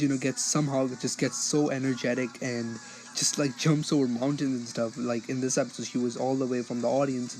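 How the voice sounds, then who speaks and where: A man's voice: mid-range voice, darkish tone, slight background noise, poor audio. A man giving a casual spoken episode review, rambling along with many fillers and restarts.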